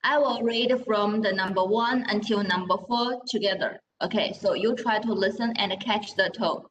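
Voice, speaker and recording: The lo-fi recording has a noisy background and roomy echo as a woman of medium pitch speaks at normal speed, teaching Mandarin. Patient in her explanations, she voices sounds for the class to repeat and frequently checks understanding with "okay?".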